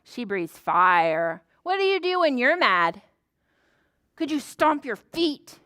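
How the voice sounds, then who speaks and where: A woman librarian leading a preschool story time, animated and sing-song, gasping in surprise as she talks to small children. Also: sits high, slow pace, no echo.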